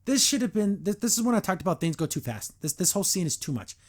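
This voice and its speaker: A man hosting a podcast, reviewing a cartoon episode in a casual, animated, digressive way with mock exasperation. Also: high-pitched, quick pace. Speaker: podcast host.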